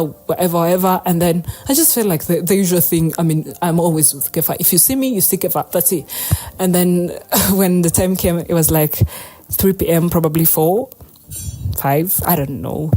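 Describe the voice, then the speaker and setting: A woman's voice: fairly low pitch, warm tone. A young adult woman hosting a podcast, telling a personal story in a rambling, chatty way, laughing often and swearing casually. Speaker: podcast host.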